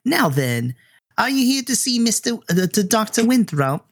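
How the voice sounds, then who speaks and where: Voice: mid-range voice, big pitch swings, normal speed, breathy edge, pitched above the performer's own voice. A game master voicing a sweet elderly woman receptionist at a morgue who dotes on visitors and calls everyone sweetie. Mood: sweet doting.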